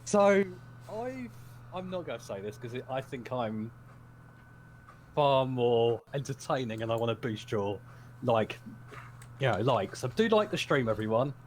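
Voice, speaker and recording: A man's voice: medium pitch, expressive, measured pace. Giggly rambling man, faint hum. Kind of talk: casual chat.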